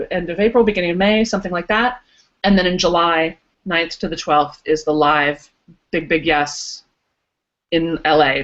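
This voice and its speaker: A woman's voice: fairly low pitch, highs cut off. A woman coach hosting a live online workshop, chatty and playful, with lots of "um" and "like", in casual encouraging webinar Q&A. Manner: chatty, playful, says "um" and "like" often.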